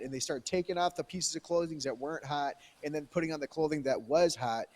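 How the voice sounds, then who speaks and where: A man's voice: fairly high pitch, fast talker, a little mellow. A man telling a rambling, profane tall tale in character during a role-play game. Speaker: role-playing police character.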